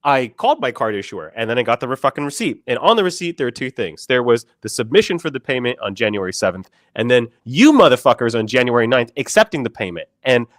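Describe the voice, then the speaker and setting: A man's voice: medium pitch, big pitch swings, quick pace, few pauses, a bit bright, dry recording, studio quality. A man co-hosting a live stream, ranting with lots of swearing and stammered restarts in casual chat. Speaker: podcast co-host.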